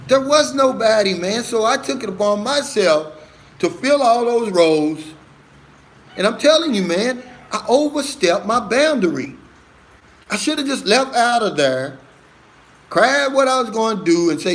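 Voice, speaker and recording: A man's voice: high-pitched, animated, normal speed, a bit bright. Earnest man hosting a live chat. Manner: earnest, emphatic, talks straight to viewers with "man" and "brother". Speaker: live stream host answering viewer comments.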